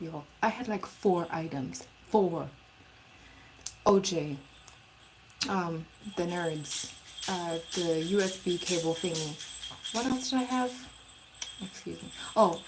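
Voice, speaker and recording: A woman's voice: mid-range voice, a little hiss or hum, low-quality recording. A woman telling a storytime in a casual, blunt and profane way, rambling with restarts. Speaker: live streamer.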